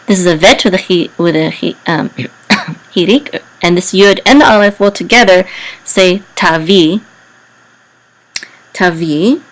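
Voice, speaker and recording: A woman teaching biblical Hebrew reading, carefully spelling out letters and vowel sounds with frequent pauses. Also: on the low side, a bit bright, slight background noise, low-quality recording. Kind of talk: slow explanatory lesson.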